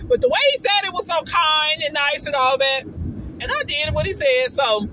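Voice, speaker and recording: A woman telling a story in a casual vlog, chatty and expressive, often saying "baby" and putting on voices when she quotes people. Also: high-pitched, moderate pace, noisy background. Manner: quotes others in shifted voices. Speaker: vlogger.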